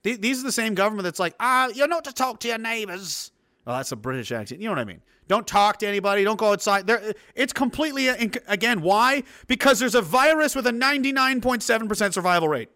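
Heated profane guy ranting, high voice that swings all over, bright and dry. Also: lively intonation, quick pace, no room sound. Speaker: political commentator. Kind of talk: ranting monologue.

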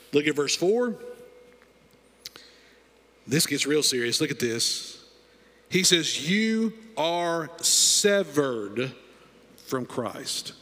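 A man's voice: a little high, bright, forceful tone. A man preaching a sermon as pastor, emphatic and repeating key phrases, in a church sanctuary. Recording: long reverb of a church hall.

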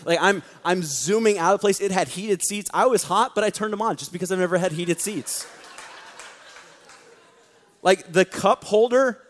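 A man preaching to a young church audience in a joking, energetic storytelling way. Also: sits high, a little fast, few pauses. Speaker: youth pastor. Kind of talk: sermon. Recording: long reverb of a large hall.

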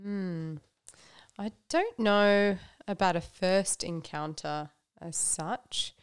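A woman's voice: fairly low pitch, extremely slow, clean tone, no echo, clean studio sound. A woman speaking candidly and reflectively in a casual conversation about her faith, often laughing and using fillers. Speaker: guest.

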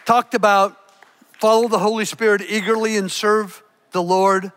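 An older man preaching a sermon as a pastor, swinging between emphatic lines and hushed ones. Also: sits high. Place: church.

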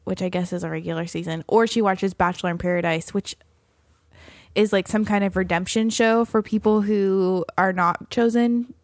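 A woman on a podcast, chatting casually and giggling as she tells stories and reads things out. Her voice sits at an ordinary pitch. It is recorded dry and close, with no room sound. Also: fairly even intonation, normal speed, no echo. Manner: giggly storyteller, reads aloud and mimics friends. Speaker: podcast co-host. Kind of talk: casual chat.

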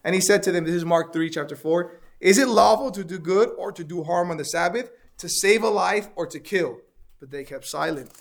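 A man's voice: high voice, a little fast, gravelly. A man teaching an interactive Bible lesson, asking the class questions and repeating their answers.

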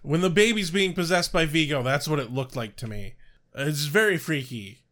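Bright, excitable male podcast co-host. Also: on the high side, moderate pace. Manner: laughs often, swears, excitable. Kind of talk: casual recap chat.

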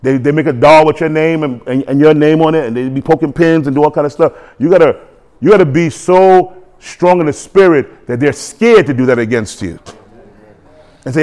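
Emphatic man preaching, higher pitch. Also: normal speed, a little mellow. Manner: emphatic call-and-response preaching. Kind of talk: sermon.

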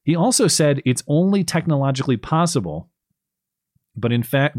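A man's voice: medium pitch, big pitch swings, a little fast, no echo. Dry, wry male podcast host. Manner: sarcastic, wry, casual. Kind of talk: political commentary podcast.

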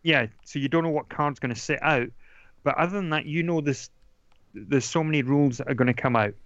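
A man's voice: a little high, fairly quick, a bit bright, no room sound. A man chatting casually about board games, rambling with lots of ums and restarts. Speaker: podcast guest talking board games. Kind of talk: casual chat. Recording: dull lo-fi dry sound.

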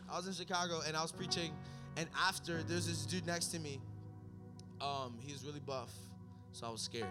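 Young male preacher, high-pitched and bright, telling stories that build to shouted peaks, soft music underneath. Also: steady tone, brisk. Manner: storytelling, building to shouted climaxes. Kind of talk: sermon.

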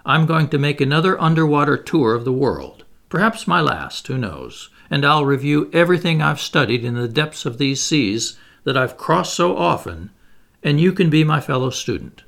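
A man voicing a stern, reclusive submarine captain who speaks in a cold, measured, commanding way. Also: fairly high pitch, animated, creaky, fairly bright tone.

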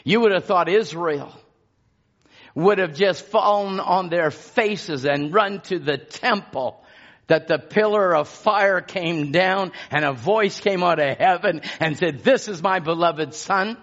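A man's voice: high-pitched, unhurried, a bit bright, lo-fi sound. A man preaching a sermon with passion, his intensity rising and falling as he exhorts the congregation.

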